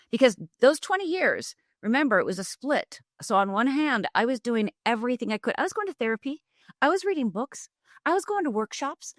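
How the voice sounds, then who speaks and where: A middle-aged life coach from Upper Michigan, USA, appears as a guest and tells her story candidly and vividly in a mid-range voice. She dramatizes it by acting out what the people in it said, and the studio-quality recording has no room sound.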